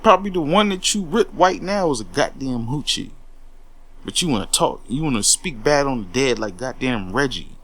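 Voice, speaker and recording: A man's voice: medium pitch, expressive, moderate pace, fairly bright tone. A man in a heated, profane monologue, taking on critics with repeated words and a confrontational edge. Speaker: commentary host.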